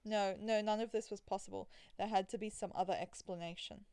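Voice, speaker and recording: A woman's voice: medium pitch, steady tone, brisk, mellow, smooth, no echo. A woman playing through a visual novel, reading the story aloud and breaking off into chatty, rambling asides with giggles. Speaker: let's play gamer.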